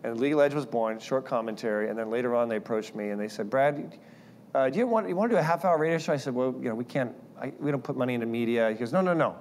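A man preaching a sermon, telling personal stories in an animated way and acting out the voices of people he quotes. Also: medium pitch, fast talker, slight background noise. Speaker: guest speaker.

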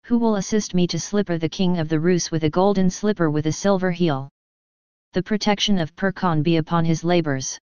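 A woman voicing an Englishman disguised as a mad wandering priest, speaking in a loud, slow, proclaiming way. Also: lowish voice, clean tone, no room sound, dull audio, natural voice. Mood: ranting.

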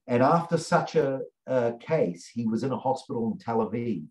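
A man teaching a lesson through a story, with earnest, repetitive storytelling and long pauses. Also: medium pitch, expressive, darkish tone, poor audio.

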